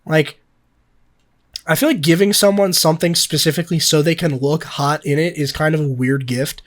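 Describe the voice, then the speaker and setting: Higher-voiced young guy ranting casually. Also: steady tone, normal speed. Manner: rambling, profane, filler-heavy. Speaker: podcast co-host. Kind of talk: casual chat.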